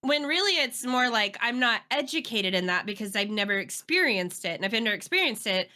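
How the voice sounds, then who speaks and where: A woman's voice: a little high, expressive, a little fast, bright, forceful tone. A woman on a casual podcast, talking expressively, laughing often and trailing off mid-thought. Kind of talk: casual chat.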